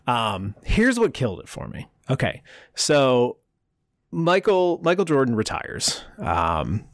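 A man chatting casually as a podcast co-host, an animated storyteller who laughs often. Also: mid-range voice, takes it slowly, dry recording, clean studio sound. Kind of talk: casual chat.

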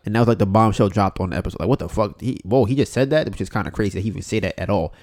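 A man's voice: fairly low pitch, very fast, a little mellow. A man hosting a casual podcast, talking bluntly with plenty of swearing and often acting out what other people said. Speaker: podcast host.

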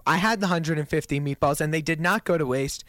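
A man's voice: a little high, brisk, no echo. A young man in his twenties co-hosting a radio show, telling a story in casual chat and acting out the quotes. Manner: animated storyteller, acts out quotes, laughs often.

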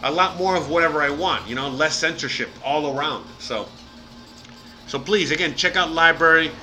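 A man's voice: fairly high pitch, moderate pace, bright, forceful tone, soft background music, rough recording. A man from Miami chatting casually on a live stream, rambling with lots of fillers, swearing now and then and thanking viewers by name. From Miami, United States.

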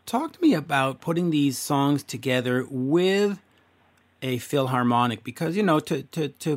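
A man hosting an interview, talking in an enthusiastic, rambling way and telling stories with animated asides. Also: medium pitch. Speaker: radio interviewer host. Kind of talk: casual interview chat.

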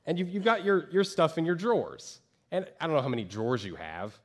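A man preaching a sermon as pastor from a church stage, talking conversationally and acting out quoted voices with lively jumps. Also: a little high, fairly quick.

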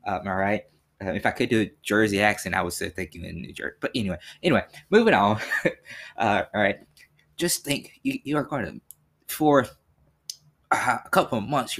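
Young male solo podcast host, low-ish voice, earnest and rambling with lots of fillers. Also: fairly bright tone. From Tennessee.

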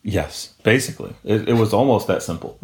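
Man, low voice, young adult, podcast co-host, casual storytelling, profane, animated. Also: moderate pace.

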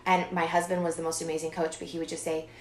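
Woman in her 30s, podcast guest, lively and expressive, lowish voice, echoey room. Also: fast talker, slight background noise. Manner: animated, expressive, laughs often. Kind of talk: casual interview chat. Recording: roomy echo.

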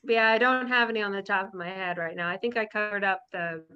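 A woman's voice: mid-range voice, fairly even intonation, fast talker, clean tone, dull audio. A woman guest on a podcast, chatting casually and laughing often over a remote call. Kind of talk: casual interview chat. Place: at home in a fire warning zone.

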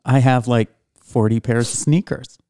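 A man's voice: mid-range voice, steady tone, moderate pace, warm tone, clear, resonant tone, dry recording, clean studio sound. A man co-hosting a casual radio talk show, laid-back and teasing. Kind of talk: casual podcast chat.

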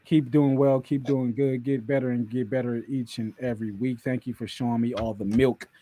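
A man co-hosting a casual wrestling podcast, animated and joking as he recaps the show. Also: medium pitch, normal speed, dry recording. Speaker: podcast co-host.

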